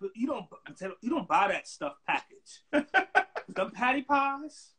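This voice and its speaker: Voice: medium pitch, very animated, normal speed, fairly bright tone, slightly rough. A show host chatting casually with a guest, playful and teasing, laughing often. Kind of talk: casual interview chat.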